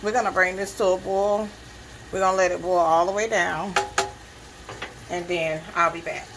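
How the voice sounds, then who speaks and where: A woman's voice: lowish voice, steady tone, normal speed, noisy background. A woman giving a casual cooking demonstration in her home kitchen, chatting to viewers and checking in with "okay?" as she goes. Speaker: cooking vlogger.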